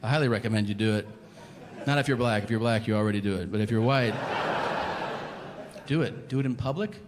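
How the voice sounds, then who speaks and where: A man doing a stand-up comedy set, telling stories with animated, yelled impressions. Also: on the low side, fairly quick. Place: comedy venue stage. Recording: live venue with long reverb and audience noise.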